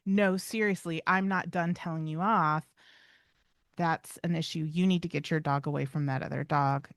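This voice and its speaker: Lower-voiced woman explaining dog behavior. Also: fairly bright tone, no room sound, clean studio sound. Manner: explanatory, acts out dog dialogue. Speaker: podcast co-host, dog trainer. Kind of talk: casual podcast chat.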